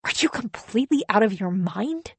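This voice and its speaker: Woman voicing a defensive, shouting husband. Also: medium pitch, animated, moderate pace, breathy edge, no room sound. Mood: stunned. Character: angry self-pitying husband, grown man.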